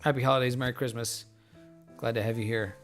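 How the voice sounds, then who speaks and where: A man hosting a casual live stream, talking in a loose, rambling way with many fillers, relaxed and joking, a little tipsy. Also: mid-range voice, quick pace. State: a bit tipsy from beer. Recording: faint music in background.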